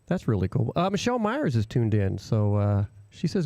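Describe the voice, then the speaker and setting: A man's voice: mid-range voice, wildly swooping pitch, moderate pace, darkish tone, dry recording. A man hosting a casual live radio show from a small studio, rambling and chatty with lots of fillers.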